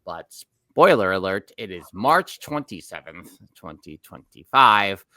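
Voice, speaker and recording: Low-voiced New York man, rambling host. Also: sing-song, a little slow, sharp tone, dry recording. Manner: rambling, self-correcting storyteller. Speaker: podcast co-host. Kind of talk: casual chat.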